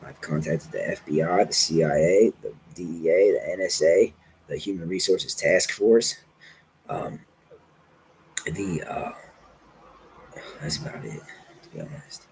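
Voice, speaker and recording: A man's voice: low-pitched, a little slow, pauses often, darkish tone, a little hiss or hum, poor audio. A man talking in a rambling, commanding monologue, giving orders and swearing.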